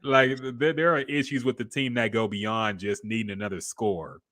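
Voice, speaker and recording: Man, bright tense voice, podcast co-host, casual sports talk, profane, reads comments aloud. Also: on the low side, fairly even intonation, normal speed.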